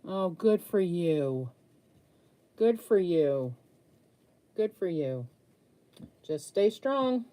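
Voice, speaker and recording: Older female livestream host, low mellow voice, casual and candid with viewers. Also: big pitch swings, drawn-out words, pauses often. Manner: candid, chatty, confiding. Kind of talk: casual live chat while painting.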